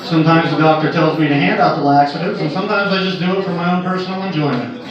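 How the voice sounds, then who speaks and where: A man's voice: fairly high pitch, quick pace, recorded from a distance, lo-fi sound, very noisy. A man telling crude stand-up stories about working as a nurse, with a storyteller's build to each punchline. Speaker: stand-up comedian. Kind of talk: stand-up comedy set. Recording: echoey live club recording from afar. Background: audience laughter.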